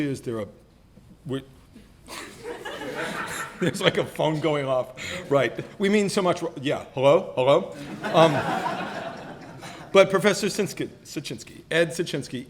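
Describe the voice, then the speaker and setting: A man's voice: mid-range voice, background noise. A man in his sixties giving a self-deprecating roast speech, teasing colleagues with playful mock voices. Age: 60s. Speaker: retiring professor being roasted. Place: banquet hall.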